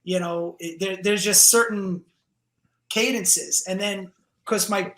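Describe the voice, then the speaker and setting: A man with a New Jersey accent tells animated, profane stories in a casual podcast chat. His voice is bright and forceful. It rings in an echoey room. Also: sits high, slow. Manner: animated storytelling, swears freely. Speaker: guest comedian.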